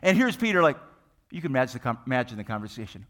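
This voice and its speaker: A man preaching a sermon, retelling a Bible story with lively, animated storytelling and acted-out scenes. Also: medium pitch, racing. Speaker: pastor.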